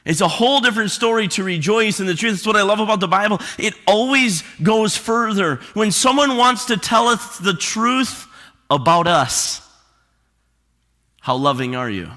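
In a reverberant church sanctuary, the pastor speaks to his congregation in a high, expressive voice, bright and forceful, at a moderate pace. His sermon has a conversational feel and brims with rhetorical questions.

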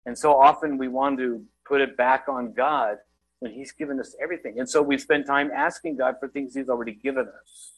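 A middle-aged man preaching a sermon in a conversational, self-deprecating way with quick asides. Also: medium pitch, fairly even intonation, husky, poor audio. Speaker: guest preacher.

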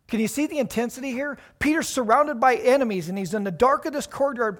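Pastor, male, high-pitched; emphatic sermon delivery, rhetorical questions. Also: lively intonation, fairly quick, hardly any pauses, fairly bright tone.

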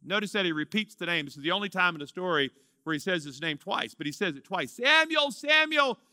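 A pastor in his fifties preaches a sermon in a fast, forceful, bright voice on the high side, dramatically stretching out key words and acting out the story's lines. The recording is studio quality with no room sound.

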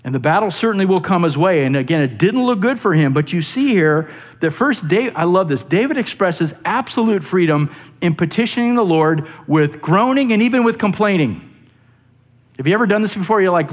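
Male pastor, sermon delivery, slightly higher voice, earnest, builds into emphatic passages. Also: moderate pace. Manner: earnest, rises into animated emphasis, repeats words.

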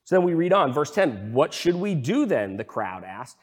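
A man's voice: fairly high pitch, very animated, moderate pace, husky. Male pastor, casual teaching in a hall. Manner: casual teaching with many fillers and restarts. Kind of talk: sermon.

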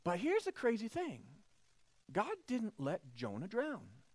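A man's voice: high voice, huge pitch swings, slow, no room sound. A man preaching a sermon in a church service, telling a story animatedly and acting out its voices. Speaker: pastor.

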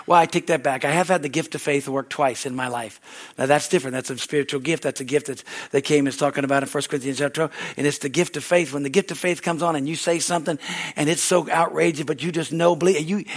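A male pastor preaching a sermon in a church service, telling stories animatedly and laughing loudly. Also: on the high side. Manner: loud laugh, animated storytelling.

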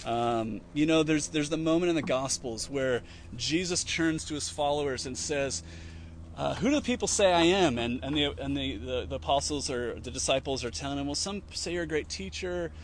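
A man's voice: medium pitch, moderate pace. Man in a mid-range voice, chatty teacher who acts out the quotes as he retells, faint hiss behind. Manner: conversational, frequent fillers and restarts. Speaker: Christian teacher. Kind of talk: informal teaching talk.

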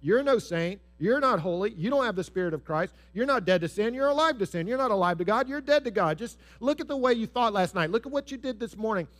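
A man's voice: sits high, lively intonation, quick pace, few pauses, a bit bright, voice pushed up. A man doing a taunting, accusing devil. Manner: accusing, insistent.

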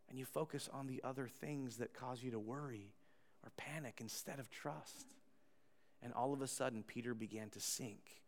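A man preaching a sermon as pastor, swinging between loud emphatic lines and hushed storytelling. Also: medium pitch, normal speed, pauses often, big-room sound.

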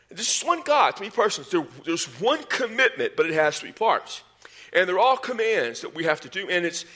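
A man delivering a sermon from the pulpit, his voice bright and sharp-edged. He sits a little higher than most men and climbs higher still as he drives a point home, with homespun asides along the way. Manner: animated preaching, rising in pitch and volume when stressing points; folksy asides and sports metaphors. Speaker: pastor.

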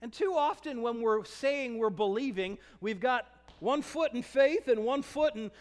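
A man preaching a sermon with passion, swinging between shouted declarations and hushed, drawn-out emphasis. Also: very high voice, sing-song, long reverb tail.

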